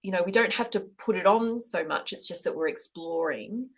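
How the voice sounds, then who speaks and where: Woman, interview host, encouraging, prompting, gravelly fry. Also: on the low side, normal speed. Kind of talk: interview chat.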